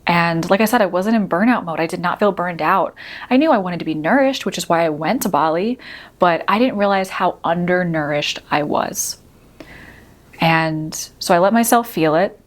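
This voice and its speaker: Lower-voiced woman sharing a personal story. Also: moderate pace. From United States. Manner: casual, with many fillers like "you know" and "like". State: teary at moments. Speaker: podcast host.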